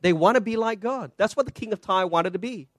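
A male pastor delivers a sermon in a notably high voice, recorded dry with little room sound. He tells stories, acts out the voices in them, and asks his listeners rhetorical questions. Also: a little fast, a bit bright, dry recording. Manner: storytelling preacher, quoting voices, rhetorical questions. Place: church.

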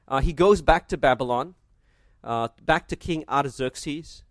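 Pastor, male, slightly high voice, dry close-miked sound, expository sermon with rhetorical asides. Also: unhurried, dry recording. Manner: expository preaching, reads scripture aloud, asks the congregation rhetorical questions.

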